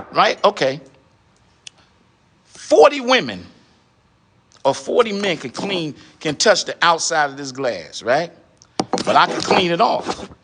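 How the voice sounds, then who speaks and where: A middle-aged man delivers a preachy monologue. His voice sits high and bright. He lectures through a string of rhetorical questions, often with a pointed "huh?". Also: a little hiss or hum. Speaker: online commentator addressing women.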